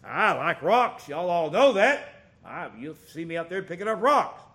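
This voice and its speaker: A middle-aged man delivers a folksy sermon. His voice sits high and leaps around. He rises into loud bursts and then drops to quiet asides. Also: moderate pace. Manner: folksy, animated storytelling with big swings in loudness. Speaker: preacher.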